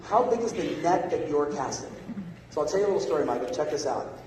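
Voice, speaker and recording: Guy doing a sales keynote, kinda high voice, keeps asking the room if they're with him, big echoey hall recorded from far back. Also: lively intonation, fast, darkish tone, slight background noise. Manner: punchy, keeps checking in with the crowd. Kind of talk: motivational seminar talk. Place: large conference hall. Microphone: phone recording from the audience.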